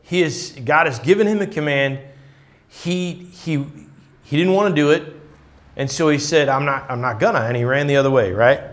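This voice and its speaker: A man's voice: fairly high pitch, normal speed. A man giving a conversational Bible-teaching sermon, thinking aloud with restarts and often asking his listeners "right?". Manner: restarts and repeats words while thinking aloud.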